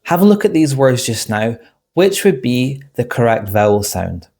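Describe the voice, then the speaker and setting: A man teaching an English exam lesson to online viewers in a clear, deliberate way. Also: medium pitch, sing-song, darkish tone.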